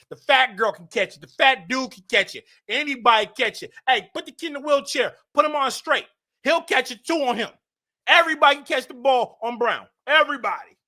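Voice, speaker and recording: A woman giving heated football fan commentary, blunt and mocking, rising to shouts. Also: sits high. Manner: repetitive, mocking trash talk.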